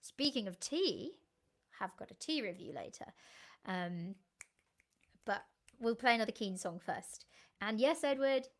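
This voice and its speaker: A woman's voice: fairly high pitch, expressive, unhurried, pauses often. A woman, a singer-songwriter chatting casually to viewers on her live stream, giggly and easily sidetracked.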